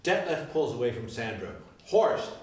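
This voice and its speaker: A man narrating the stage directions of a musical reading, lively and expressive. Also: mid-range voice, normal speed, far from the mic. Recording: roomy live recording from afar.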